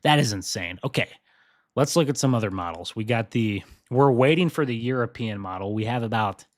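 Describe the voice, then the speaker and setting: A young man hosting a live weather briefing, chatty and excitable, often laughing as he talks through forecast models. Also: medium pitch, fairly quick, no room sound, studio quality. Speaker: weather livestream host.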